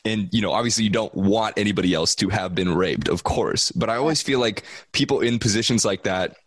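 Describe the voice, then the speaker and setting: Low-voiced man, dry and close. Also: fairly quick, no room sound. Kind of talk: casual conversation.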